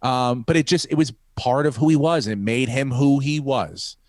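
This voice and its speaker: A man's voice: medium pitch, moderate pace, a little mellow, no room sound. A man hosting a podcast who rambles through a profane story and acts out the quotes. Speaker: podcast host, comedian. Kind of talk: casual storytelling.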